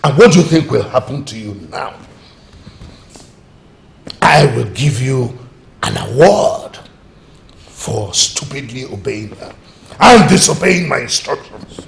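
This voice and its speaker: An actor playing an angry king who shouts insults at his guards in a commanding way. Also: mid-range voice, animated, slow, creaky, long pauses, slight background noise. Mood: furious. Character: furious king scolding his palace guards.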